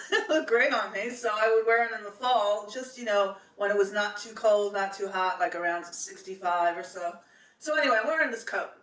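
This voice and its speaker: A woman's voice: mid-range voice, moderate pace, a bit bright, distant mic. A middle-aged woman, telling a personal story in a chatty, meandering way, full of fillers and restarts. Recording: echoey room, voice set back from the mic.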